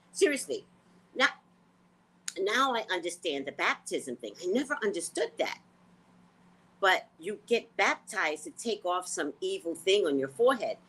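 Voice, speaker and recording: A woman hosting a casual livestream, talking to her viewers in a blunt, profane, animated way. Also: on the low side, breathy edge, rough recording. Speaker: psychic reader and livestream host.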